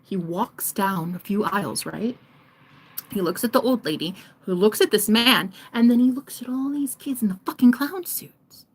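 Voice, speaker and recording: A woman giving a casual reading to camera, animated and profane, sometimes dropping into a whisper. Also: medium pitch, normal speed, breathy edge. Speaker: tarot reader.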